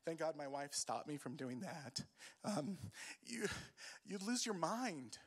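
A man giving an emotional sermon as a youth pastor, moving between quiet grief and loud urging. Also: a little high, big pitch swings, slow pace, slightly rough. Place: church hall. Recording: long hall reverb.

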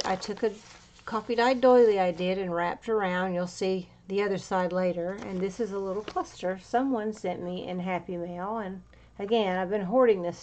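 A crafter with a mid-range voice chats her way through a handmade journal, wandering off on tangents, using fillers, and sounding slightly out of breath. The recording carries a little hiss or hum.

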